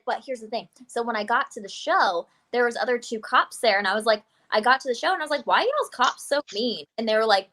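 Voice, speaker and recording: A young adult woman chatting as a guest, telling an animated story full of "I was like" and laughs. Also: mid-range voice. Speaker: guest wrestler. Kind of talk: casual chat, storytelling.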